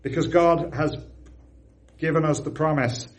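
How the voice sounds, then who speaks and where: A man preaching a sermon, telling a story and rising to loud, excited emphasis. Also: on the high side, a little slow, poor audio.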